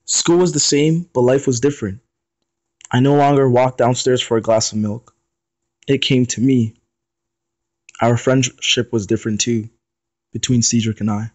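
A young man reads his own short story aloud in steady first-person narration. His voice sits at an ordinary middle pitch. The recording is dry and close, with no room echo. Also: normal speed, long pauses, highs cut off. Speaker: student reader.

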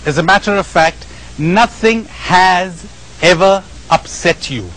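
A man giving a spiritual lecture to a live audience, animated and questioning, often asking the listeners questions and acting out the voices of the people he describes. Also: high voice, takes it slowly, rough recording. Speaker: spiritual teacher.

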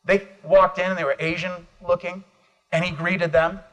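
A middle-aged American man giving an energetic motivational keynote at a conference, calling on the audience for responses. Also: high voice, moderate pace. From United States. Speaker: motivational speaker.

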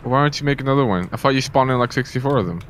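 A man's voice: medium pitch, racing, a bit bright, a little hiss or hum. Teasing man chatting over a game. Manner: teasing, laughs often. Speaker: game player. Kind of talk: casual gaming chat.

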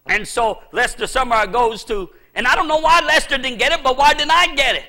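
High, bright-voiced middle-aged preacher. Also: male voice, brisk, hardly any pauses. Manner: emphatic, with sudden shouted bursts. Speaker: pastor. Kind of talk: sermon. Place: church.

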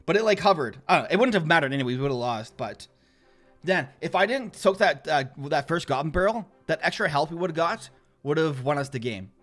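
A young man talks through a mobile game match in a chatty, self-mocking way and laughs often. His voice sits a little high and swoops up and down with lively energy. Faint music plays behind him. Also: brisk. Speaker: gaming YouTuber. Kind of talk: casual gameplay commentary.

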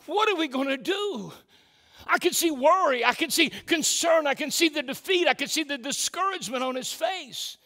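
High, bright-voiced preaching man in a reverberant hall. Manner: repeats "can I tell you", restarts words, rising emphatic preaching. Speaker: pastor. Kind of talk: sermon. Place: church sanctuary.

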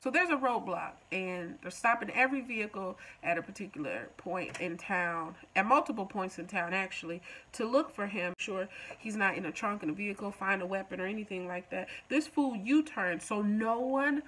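A woman's voice: mid-range voice, moderate pace, hardly any pauses, a bit bright, slight background noise, low-quality recording. A woman recapping a TV episode in a casual, joking way, talking back to the show. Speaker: TV recap vlogger.

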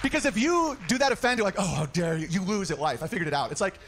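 Male stand-up comic, quick and high-pitched, rambling deadpan-sincere delivery. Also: some chatter behind, a little hiss or hum. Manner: rambling, mock-sincere storytelling. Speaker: stand-up comedian. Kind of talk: stand-up comedy set.

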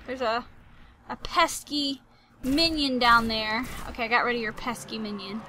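High-pitched gamer girl, super bright, playful and excitable, teases the enemies and does silly sound effects. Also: normal speed, slight background noise. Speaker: gaming channel host. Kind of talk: let's play commentary.

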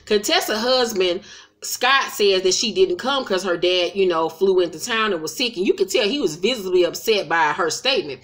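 A woman's voice: mid-range voice, moderate pace, fairly bright tone. A woman recapping a reality show in a casual vlog, blunt and profane, retelling scenes with mocking quoted voices.

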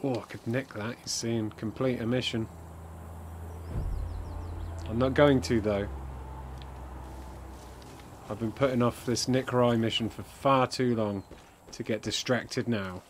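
A man's voice: medium pitch, fairly even intonation, unhurried, pauses often, slight background noise. A man streaming live gameplay commentary, jokey and sarcastic, swearing often.

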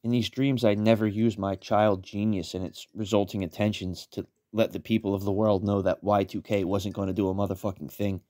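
A man in his thirties narrating a story in a deadpan, wry, profane way. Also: deep voice, no room sound. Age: 30s.

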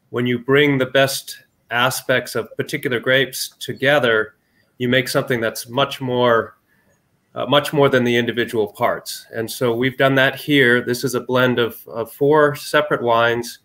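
A man who makes wine, explaining a blend in a measured, informative way. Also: mid-range voice, a bit bright. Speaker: winemaker describing wine.

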